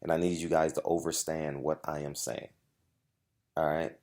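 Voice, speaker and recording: A man with a deep, low-pitched voice speaks straight to his audience in a heated monologue. He drives each point home by repeating it and cuts in with short asides to his viewers. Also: flat delivery, normal speed, darkish tone. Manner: emphatic, repetitive, confrontational storytelling. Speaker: boxing journalist and channel host. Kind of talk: direct-to-camera monologue.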